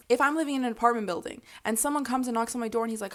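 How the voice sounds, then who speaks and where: A woman's voice: on the high side, very fast, hardly any pauses, fairly bright tone. A young adult woman in a casual, reflective vlog monologue, earnest and emphatic, who swears freely and becomes tearful. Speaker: vlogger.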